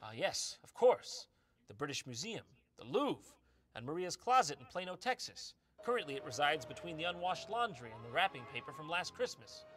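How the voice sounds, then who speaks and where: A man hosting a reaction commentary, mocking a clip with sarcastic jokes and loud outbursts. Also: fairly high pitch, sing-song, fairly quick. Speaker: host.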